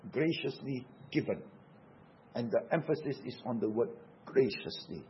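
A man's voice: mid-range voice, normal speed, a little hiss or hum. Earnest male preacher, lo-fi sound. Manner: earnest, emphatic preaching with repeated phrases. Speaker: pastor. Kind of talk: sermon.

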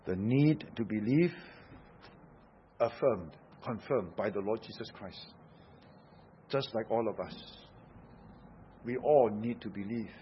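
A man preaching a sermon, emphatic, swinging from hushed, low passages to loud, insistent ones. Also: slow pace, pauses often, muffled recording, slight background noise.

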